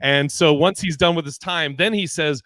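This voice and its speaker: A man hosts a loose chat among comic friends over a video call, acting out the voices in his stories as he goes. His voice is bright and sits a little high. The sound is dry and close. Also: moderate pace, no echo. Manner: animated storyteller, acts out voices in anecdotes. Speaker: podcast host. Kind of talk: casual chat among comedians.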